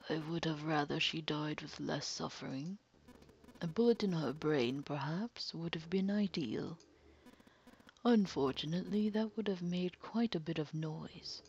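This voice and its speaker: A woman voicing a calm, sadistic middle-aged male killer, talking slowly in a hushed, mocking, polite way. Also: deep voice, breathy edge, lo-fi sound, full character voice. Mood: menacing calm. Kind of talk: dramatic reading of game text.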